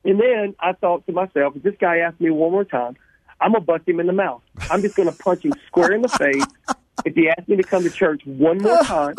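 A man from Louisiana, telling his life story as a radio guest, animated and laughing, often repeating words. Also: sits high, a little fast, husky. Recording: tinny phone line, dry.

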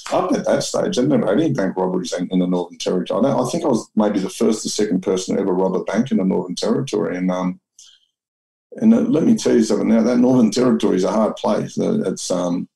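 A man's voice: deep voice, fast, gravelly, dark tone, low-quality recording. An Australian man telling his story as an interview guest, rambling and blunt with lots of restarts and swearing.

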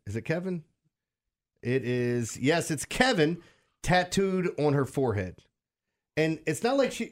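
A man with a somewhat high voice co-hosts a morning radio show. He retells strange news with incredulous, laughing energy. His delivery is loose and conversational. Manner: incredulous, laughing, animated storytelling. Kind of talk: casual morning radio banter.

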